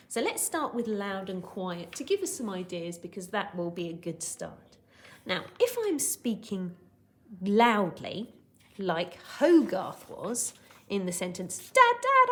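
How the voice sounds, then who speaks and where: A woman teaching a recorded lesson for young children, encouraging and patient, who acts out voices to show each word. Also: mid-range voice. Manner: expressive, acts out shouting, whispering and gasping to show words. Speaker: primary school teacher.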